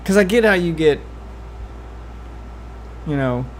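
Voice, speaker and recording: A woman's voice: on the low side, lively intonation, slow, slight background noise. A woman streamer chatting casually on a live stream, blunt and crude, joking and talking over her co-host. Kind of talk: casual chat.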